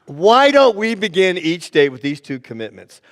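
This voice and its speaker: A man's voice: high voice, very animated, moderate pace, fairly bright tone. A man preaching a sermon as pastor, telling a story and acting out its characters. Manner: storytelling, plays the joke with voices. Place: church sanctuary. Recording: church sanctuary with long reverb.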